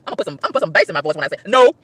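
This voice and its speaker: A woman ranting to her livestream chat, emphatic and exasperated, with loud whoops. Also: deep voice, sing-song, very fast, no room sound. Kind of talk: casual livestream rant.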